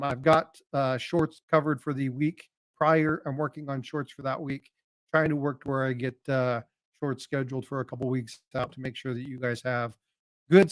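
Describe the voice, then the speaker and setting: A man's voice: mid-range voice, no room sound, studio quality. A man hosting a casual livestream chat, greeting viewers by name in a folksy, joking way. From North Carolina. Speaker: livestream host.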